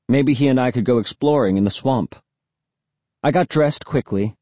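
A man reading an audiobook in expressive first-person narration. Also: mid-range voice, no room sound. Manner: expressive storytelling.

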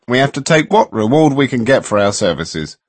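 A man's voice: mid-range voice, sing-song, brisk, husky, no echo, pitched above the performer's own voice. A man voicing a sulky, self-righteous young woman with a whine in her voice, in a storybook reading. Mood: whining.

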